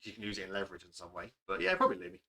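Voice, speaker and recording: A man's voice: on the low side, big pitch swings, racing, gravelly, pushed and bright. A young man, a game master, chatting casually and rambling about his campaign with casual swearing. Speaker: game master answering questions. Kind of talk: casual podcast Q&A chat.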